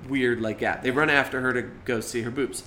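A man's voice: mid-range voice, fairly even intonation, a little fast, sharp tone, slight background noise. A man co-hosting a podcast, casually recapping a movie with lots of fillers and restarts. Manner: rambling, many fillers, acts out quotes. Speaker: podcast co-host.

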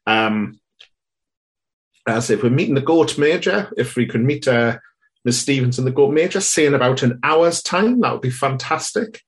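A man's voice: medium pitch, animated, moderate pace, close to an everyday voice. A man playing a fussy Cambridge professor on a phone call, rambling and hesitant with a pompous edge.

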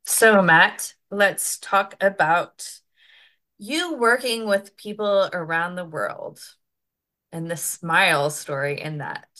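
Woman podcast host, upbeat and chatty, slow delivery, bright lowish voice. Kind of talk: casual podcast chat.

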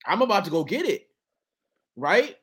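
Emphatic high-voiced man in casual chat. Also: normal speed, breathy edge. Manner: emphatic and animated, acts out quoted voices. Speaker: guest musician.

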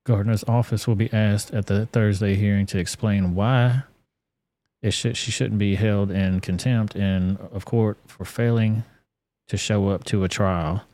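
A man's voice: fairly low pitch, steady tone, unhurried, mellow. A man hosting a live stream, commenting casually and with plenty of profanity. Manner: casual and profane, loose with fillers.

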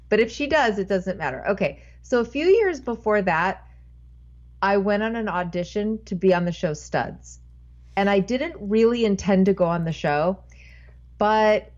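A woman's voice: mid-range voice, a little mellow, dull audio. A woman, a podcast guest, telling a casual anecdote in a rambling way and often breaking off mid-sentence. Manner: rambling, self-interrupting storyteller.

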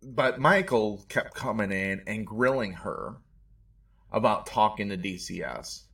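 A man with a lowish voice talks through a documentary in loose, rambling commentary, getting emotional and indignant as he goes. He sits a bit back from the microphone, so his voice sounds slightly distant. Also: animated, unhurried, fairly bright tone. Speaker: podcast host reacting to a documentary. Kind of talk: casual commentary.

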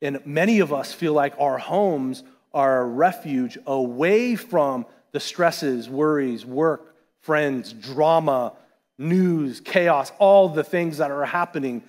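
A man giving a sermon as pastor, talking in a conversational, animated way with asides to the congregation. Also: fairly high pitch, slow pace. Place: church sanctuary. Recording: long church hall reverb.

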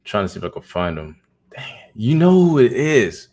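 A man chatting as a guest on a livestream, animated and joking, often tossing in the word "man.". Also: fairly low pitch, moderate pace. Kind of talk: casual chat on a livestream.

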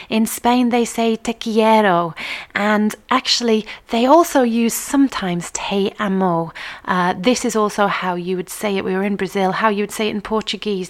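Woman host, casual live-show chatter, self-mocking about pronunciation. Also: mid-range voice. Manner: chatty, laughs at her own pronunciation.

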